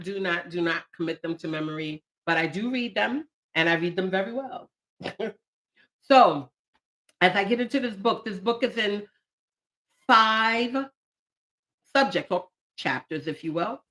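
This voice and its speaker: A woman in her late forties hosting a live stream, talking warmly and emotionally about her poetry book and the people she dedicated it to. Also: medium pitch, unhurried. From United States. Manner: heartfelt, emotional, animated bursts. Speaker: channel host and poet.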